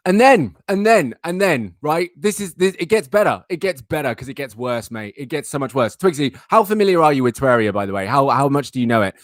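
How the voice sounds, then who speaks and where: A man's voice: medium pitch, expressive, fairly quick, few pauses, dry recording, clean studio sound. A young man hosting a live talk stream, telling a rambling, exasperated story and repeating himself for emphasis. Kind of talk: casual ranting anecdote.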